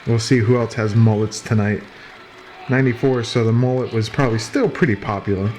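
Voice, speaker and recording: A man's voice: medium pitch, brisk, darkish tone, slight background noise. Casual man commenting on fights. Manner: chatty, joking, many fillers and restarts. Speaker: host commenting on old fight footage.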